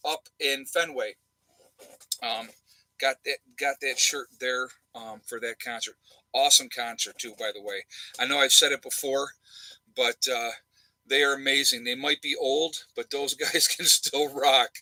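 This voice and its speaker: In a room at home with a fan going, a male channel host rambles through a casual livestream chat, blunt, sarcastic, and heavy on uhs and ums. He has a medium pitch and a sharp tone and takes his time, and the recording is dry and rough.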